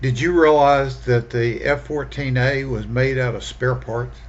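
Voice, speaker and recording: A man's voice: medium pitch, steady tone, measured pace, muffled recording. A man guest on a podcast, chatting casually and emphatically about old aircraft. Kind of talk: casual chat.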